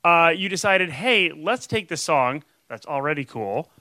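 A man's voice: on the high side, animated, a little slow, sharp tone, dry recording. A man hosting a casual interview, upbeat, with short reactions and some "uh" fillers. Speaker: interviewer host.

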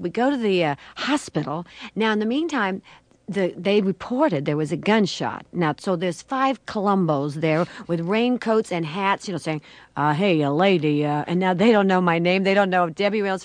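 Older woman telling a lively story. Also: mid-range voice, no echo. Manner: lively, acts out voices and laughs while telling a story. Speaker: guest. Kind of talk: animated storytelling.

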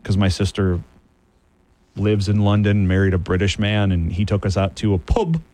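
A man's voice: fairly low pitch, moderate pace. A man from the American Midwest hosting a casual sports radio talk show, telling stories and laughing often. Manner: animated storyteller, laughs often.

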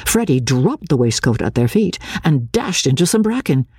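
A woman reading a classic novel aloud with expressive, lilting narration. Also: sits low, moderate pace, slightly rough, no room sound, clean studio sound. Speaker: audiobook reader.

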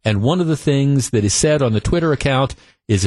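A man's voice: mid-range voice, expressive, brisk, a little mellow, no echo. A man hosting a political talk radio show, opinionated and emphatic, often repeating himself as he builds his case. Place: radio studio.

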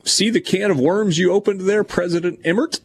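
This is a man hosting a sports talk show, and his pitch sits a touch above the usual for a man. He reads news items aloud and breaks off for casual asides. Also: steady tone, a little fast, slightly rough. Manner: reads article passages aloud, then comments casually. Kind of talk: reading news and discussing on air.

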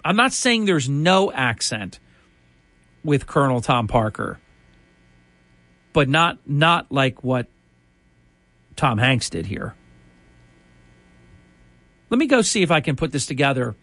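A man's voice: medium pitch, very animated, slow, long pauses, fairly bright tone, no echo. A male radio host giving a chatty, opinionated on-air monologue full of restarts.

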